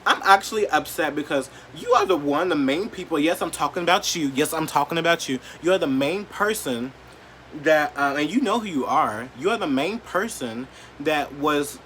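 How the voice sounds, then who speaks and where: A man's voice: lively intonation, moderate pace, slight background noise. Man ranting bluntly to camera. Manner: blunt, profane and heated, heavy use of "like"; swings between quiet, hurt lows and loud, defiant outbursts. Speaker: vlogger. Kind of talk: emotional rant to camera.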